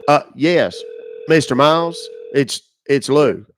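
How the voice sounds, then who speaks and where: A man's voice: medium pitch, expressive, takes it slowly, no echo. A middle-aged man hosting a casual live stream, loose and joking, swearing freely, coughing and sniffling now and then. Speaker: livestream host baiting scammers.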